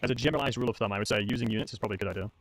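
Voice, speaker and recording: Fast-talking, gravelly young male streamer. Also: lowish voice, a bit bright. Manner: chatty, joking, self-mocking. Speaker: streamer playing a tournament match. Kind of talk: casual live-stream chat while gaming.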